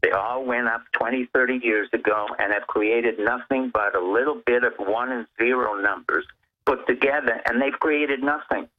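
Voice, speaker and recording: A man's voice: medium pitch, fairly even intonation, normal speed. A man calling in as a guest, laying out his points one by one in an emphatic, lecturing way. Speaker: phone-in guest. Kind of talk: emphatic political commentary. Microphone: telephone. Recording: tinny phone line.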